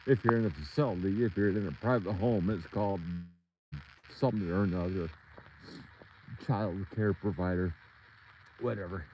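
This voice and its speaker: A man's voice: sits low, normal speed, pauses often, dark tone, rough recording. A man out of breath, rambling in casual chat on a livestream as he walks outdoors and calls to his dogs. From Michigan. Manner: rambling, talks to his dogs between thoughts. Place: outdoors on a rural property edge.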